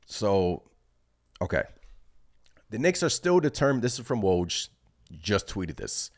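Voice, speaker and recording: A man hosting a basketball fan channel, reacting live in an excited, rambling way as he thinks aloud. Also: lowish voice, takes it slowly.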